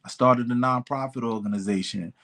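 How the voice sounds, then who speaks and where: A man's voice: mid-range voice, brisk. A man in his fifties, a rapper and elected official, telling stories as a podcast guest and acting out the people he quotes. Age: 50s. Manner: animated storyteller who acts out quoted voices. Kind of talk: casual storytelling interview.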